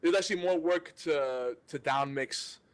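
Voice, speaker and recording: Podcast host guy, kinda high voice, ranting and annoyed, lots of restarts. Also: moderate pace. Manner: ranting, exasperated, many restarts. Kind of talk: casual podcast banter.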